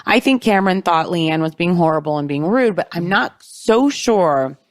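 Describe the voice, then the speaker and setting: A woman's voice: fairly low pitch, lively intonation, normal speed, no echo, clean studio sound. A woman co-hosting a podcast, chatting casually and animatedly about a reality show, swearing often and acting out quotes in big voices. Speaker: podcast co-host. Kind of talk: casual gossip chat.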